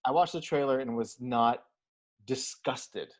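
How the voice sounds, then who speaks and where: A man's voice: mid-range voice, unhurried. A man co-hosting a podcast in casual chat, enthusiastic, stumbling over restarts, swearing and laughing. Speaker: podcast co-host.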